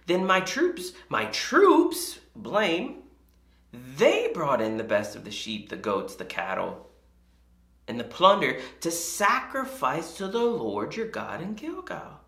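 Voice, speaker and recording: A preacher voicing a boastful, cheerfully self-assured king during a sermon, pitching the voice up high and keeping it upbeat. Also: huge pitch swings, slow, a bit bright, roomy sound, heavily acted. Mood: defensive. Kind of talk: acted scripture quote in a sermon.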